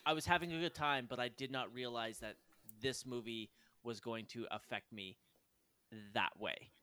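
Male podcast co-host, mid-pitched, gushing and profane, casual chat. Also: normal speed, pushed and bright, smooth, no echo. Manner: enthusiastic, swears freely. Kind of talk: casual film review chat.

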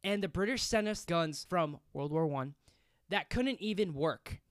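A man's voice: medium pitch, sing-song, moderate pace, no echo, clean studio sound, lightly acted. A man reading out the lines of an anguished army colonel, pleading and accusing.

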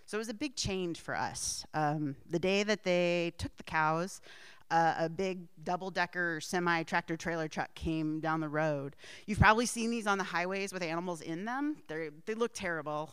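A woman's voice: lowish voice, a bit bright, smooth, dry recording. A middle-aged woman telling a personal family story in a rambling way, with asides and frequent laughs.

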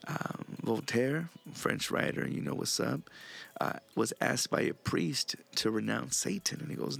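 A man hosting a podcast in a casual, profane, rambling monologue, reading quotes in a hushed voice. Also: medium pitch, expressive, unhurried, creaky. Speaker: podcast host.

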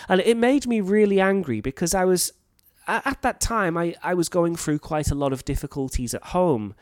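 A man's voice: fairly high pitch, sing-song, moderate pace, darkish tone, no room sound, studio quality. A man in his late thirties with a North Welsh accent, a teacher talking earnestly to fellow teachers and explaining his points. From North Wales.

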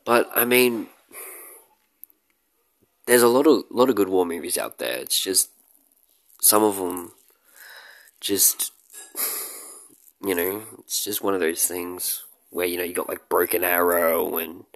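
A man's voice: deep voice, steady tone, unhurried, long pauses, no echo. A man talking casually to his audience in a rambling, joking way about films he likes. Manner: joking, rambling, with loud shouted bits and laughs. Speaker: movie vlogger. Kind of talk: casual rambling talk to camera.

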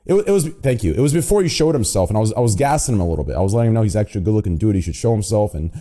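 Man, podcast host, casual chat, excitable, swears a lot, quick talker, mellow tone. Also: lowish voice.

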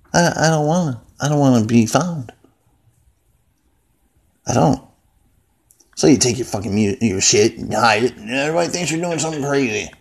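A man with a high-ish, gravelly voice and a breathy edge rambles angrily into his phone, cursing constantly. He's a vlogger sitting indoors at home, delivering an unscripted, profane rant.

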